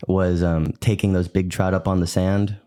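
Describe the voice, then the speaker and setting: A podcast host with a very deep, mellow voice. He chats casually and eagerly, with plenty of fillers and restarts. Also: level tone, moderate pace, smooth. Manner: enthusiastic, filler-heavy. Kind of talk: casual interview chat.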